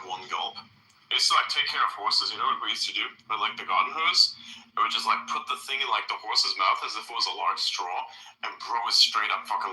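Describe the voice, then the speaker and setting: A man talks in loose, rambling casual chat, swearing as he goes. His voice is low with a sharp, bright edge. The room around him is echoey. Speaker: podcast host.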